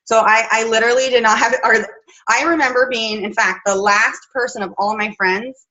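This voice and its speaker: A woman's voice: fairly high pitch, fairly even intonation, moderate pace, sharp tone, highs cut off. A woman in her thirties, a fitness coach, telling her personal story at home in a chatty, rambling way with many fillers and restarts.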